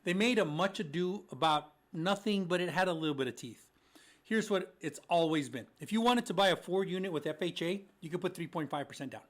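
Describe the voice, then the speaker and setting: High-voiced joking man answering mortgage questions. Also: fairly quick. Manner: joking, puts on voices for lenders. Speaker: mortgage podcast co-host. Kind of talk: casual chat answering listener questions.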